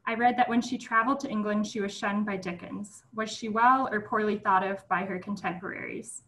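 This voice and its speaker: Woman, moderator, mid pitch, reading questions aloud, steady. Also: a little fast, low-quality recording.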